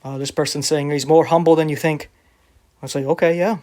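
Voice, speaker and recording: A man's voice: on the high side, steady tone, brisk, a little mellow. Sarcastic man reading viewer comments. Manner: sarcastic, defensive. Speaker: online preacher.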